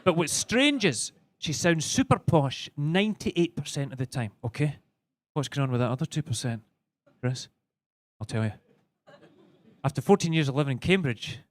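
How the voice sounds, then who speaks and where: On a comedy club stage, a young Scottish man with a mid-range voice delivers a rambling stand-up set, often stammering and starting over.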